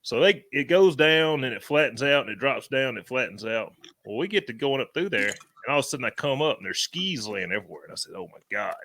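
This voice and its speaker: A man, co-hosting a podcast and telling animated stories in rural slang. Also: medium pitch, fast. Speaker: podcast co-host. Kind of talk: casual storytelling chat.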